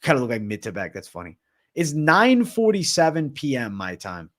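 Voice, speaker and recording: A man's voice: medium pitch, huge pitch swings, moderate pace, a bit bright. A young man hosting a casual MMA livestream Q&A, talking in a profane, slangy way and calling viewers bro.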